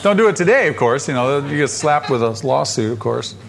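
A man preaching a sermon, asking the listeners questions and swinging between loud emphasis and soft drops. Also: medium pitch, expressive, brisk, vocal fry, some chatter behind.

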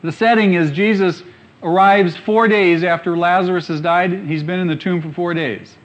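A man preaching a sermon emphatically, dropping quiet and then rising loud. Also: high-pitched, fairly even intonation, moderate pace, lo-fi sound. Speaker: pastor.

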